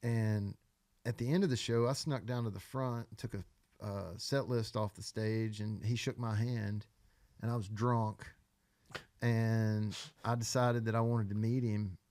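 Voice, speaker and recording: Gravelly man telling stories. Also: fairly low pitch, fairly even intonation, measured pace, a little mellow, no room sound. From Arkansas. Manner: loose, profane, rambling storyteller. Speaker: guest songwriter. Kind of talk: casual podcast storytelling.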